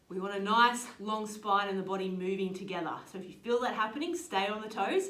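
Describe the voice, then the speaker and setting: A woman leading a yoga and strength workout, calmly cueing each move and breath. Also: mid-range voice, recorded from a distance. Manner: calm step-by-step cueing with breath counts. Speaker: fitness and yoga instructor. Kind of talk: guided workout instruction. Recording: roomy sound, voice off-mic.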